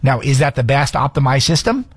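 A man hosting a political commentary show in a middle-pitched voice, firing off sarcastic, emphatic remarks. He talks quickly and often restarts a phrase before pressing on. The sound is dry and close, with almost no room echo. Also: animated, breathy edge.

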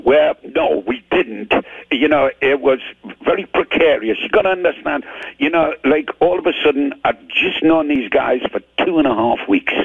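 An older man with a Geordie accent, telling stories in an interview in an animated way and stammering when excited. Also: a little high, normal speed, no echo. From Newcastle, England. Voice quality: gravelly, husky. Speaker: rock singer guest. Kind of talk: anecdotal interview chat. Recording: tinny dry phone line.

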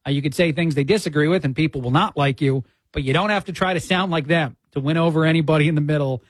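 A man's voice: on the high side, fast, no echo. A man filling in as a radio host, giving opinionated commentary with frequent "uh" fillers into a studio mic.

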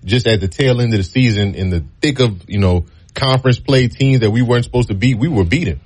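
A man telling stories from his football days in a relaxed interview, acting out the people he quotes. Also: medium pitch, fairly quick, slightly rough. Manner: relaxed storytelling, acts out quoted voices. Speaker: guest, former college football player. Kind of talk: casual storytelling interview.

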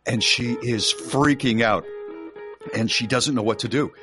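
A man's voice: mid-range voice, a little slow. A man co-hosting a radio talk show, retelling a spooky story with acted-out quotes over a music bed. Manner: animated storyteller acting out quotes.

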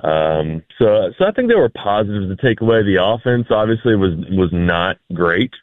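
Low-voiced man on a phone line. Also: big pitch swings, moderate pace, dry recording. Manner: easygoing, dry humor, many fillers. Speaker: sports analyst guest. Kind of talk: casual sports talk. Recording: dry, tinny phone line.

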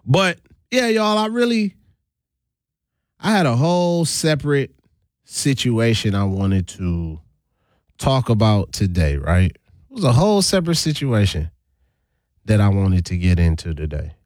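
Animated man chatting on a live stream. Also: a little slow, pauses often, no echo, studio quality. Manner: animated, swings pitch widely, laughs often. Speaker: livestream host. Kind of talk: casual live-stream chat.

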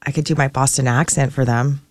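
A woman co-hosting a radio talk show, playful and quick to laugh. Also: rumbling low, steady tone, dry recording. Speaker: radio show co-host and producer.

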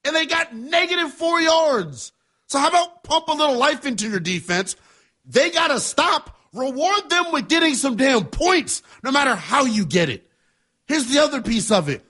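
A man's voice: very high voice, big pitch swings, moderate pace, bright, forceful tone. A man hosting a sports talk show, giving passionate, emphatic commentary in a conversational way. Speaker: sports radio host.

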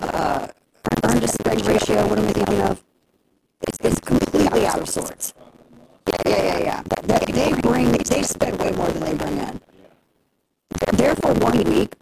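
A woman talk-show host rants with sarcastic, mocking energy. Her voice is full of gravelly fry. It comes over a noisy broadcast recording. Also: mid-range voice. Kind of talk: opinionated talk show rant.

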